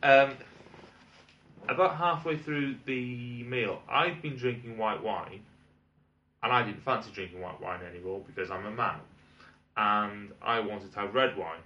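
A man's voice: lowish voice, measured pace, sharp tone. A British man telling a long, exasperated restaurant anecdote in casual chat, rambling and swearing as he rants. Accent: British English. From Britain. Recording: roomy, distant, dull lo-fi sound.

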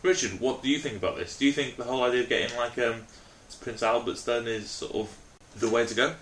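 A man's voice: mid-range voice, fairly even intonation, fast, fairly bright tone, a little hiss or hum. A man co-hosting a podcast, chatting casually with teasing, laughing banter. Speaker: podcast co-host. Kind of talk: casual chat.

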